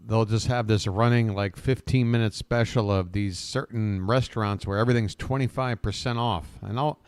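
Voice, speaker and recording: A man's voice: lowish voice, smooth, dry recording. Chatty American man hosting a live stream. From United States. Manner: rambling, chatty, talks to the chat by name, swears casually. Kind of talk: casual chat with live viewers. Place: home abroad, living in Bangkok.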